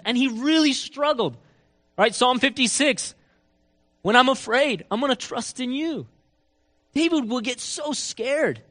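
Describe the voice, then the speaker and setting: A man preaching a sermon, telling a story with lively acted-out quotes and big swings between soft and loud. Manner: animated storytelling, acts out quotes with big swings in pitch and loudness. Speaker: pastor.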